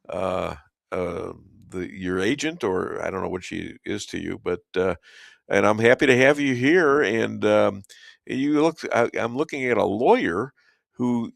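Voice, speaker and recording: A man from Chicago hosting an interview show, speaking haltingly with many fillers and trailing off softly. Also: fairly low pitch, gravelly, no room sound, studio quality. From Chicago, USA. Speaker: show host. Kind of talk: casual interview conversation.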